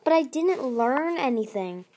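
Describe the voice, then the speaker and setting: A woman's voice: high voice, expressive, measured pace, a little mellow, voice pushed up. Defiant young she-dragon, read by a woman. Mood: snappish. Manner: snappish, defiant. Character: fierce young female sea dragon. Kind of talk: audiobook reading.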